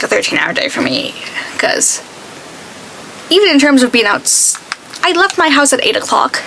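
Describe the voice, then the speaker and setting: A woman's voice: fairly high pitch, gravelly, pushed and bright, slight background noise, poor audio. A woman beauty vlogger chatting casually while she does her makeup, telling stories and acting out what other people said. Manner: chatty storytelling, acts out quoted people.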